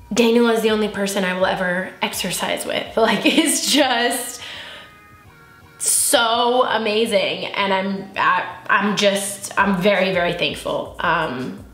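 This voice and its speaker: Doing her makeup for a vlog, this woman in her twenties chats in an open, emotional, giggly way, keeping it candid. She takes things slowly in a medium-pitched, slightly bright voice. Faint music plays in an echoey room.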